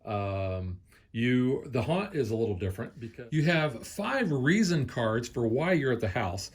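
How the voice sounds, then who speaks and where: Relaxed middle-aged man explaining a board game. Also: medium pitch, unhurried. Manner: relaxed, explanatory, filler-heavy. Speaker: board game reviewer, father. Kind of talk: casual game review chat.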